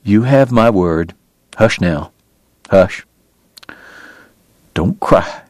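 A man voicing a dying gentleman who speaks softly and wearily to his lover. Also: fairly low pitch, animated, a little slow, no echo. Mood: tender. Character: dying gentle Southern gentleman, weary and tender.

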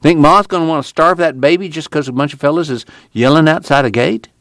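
A man's voice: on the high side, a little fast, no room sound, clean studio sound, pitched above the performer's own voice. A man doing a weary drawling farmhand. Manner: flat, blunt, tired. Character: weary plainspoken young farmhand. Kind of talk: audiobook character voice.

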